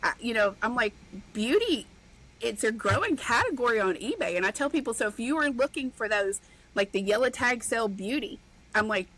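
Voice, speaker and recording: A woman's voice: on the high side, lively intonation, brisk, fairly bright tone, poor audio. A woman, a podcast guest and online seller, chatting casually and animatedly acting out her own reactions as she tells stories. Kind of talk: casual chat.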